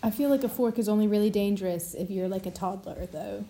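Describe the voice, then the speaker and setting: A woman's voice: mid-range voice, fast, dark tone. A woman in a casual chat on a video call, teasing in a dry, matter-of-fact way.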